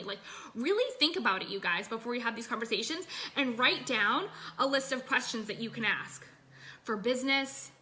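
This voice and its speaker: Energetic chatty woman coaching online. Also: fairly high pitch. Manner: energetic, chatty, full of fillers and "you guys". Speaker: business coach. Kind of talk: casual coaching talk to an online group. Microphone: phone.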